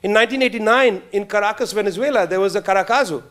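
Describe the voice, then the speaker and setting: A middle-aged man giving a campus lecture, animated and sardonic, full of rhetorical questions and quick asides. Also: high-pitched. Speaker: guest lecturer.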